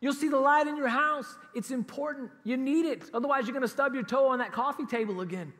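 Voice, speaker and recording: A man's voice: extremely high pitch, quick pace, a bit bright, long reverb tail. A man preaching a sermon as pastor, emphatic and conversational, with laughs and casual asides. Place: church auditorium.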